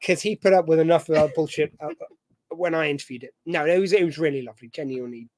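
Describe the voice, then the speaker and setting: A man's voice: a little high, quick pace, darkish tone, no room sound. British guy cohosting a podcast, jokey, goes off on tangents, dry close mic. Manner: chatty, joking, rambling asides. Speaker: podcast co-host. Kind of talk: casual chat.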